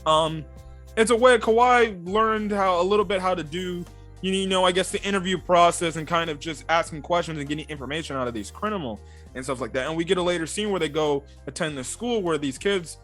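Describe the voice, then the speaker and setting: Bright-voiced man rambling through an anime review. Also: sits high, fairly quick. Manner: rambling, full of fillers like "and stuff like that". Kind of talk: casual anime episode review. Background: faint background music.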